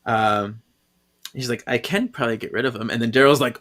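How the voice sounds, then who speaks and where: A man's voice: medium pitch, a little fast, fairly bright tone. A man hosting a podcast, recapping a comic casually, laughing often and acting out the quoted lines. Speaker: podcast host.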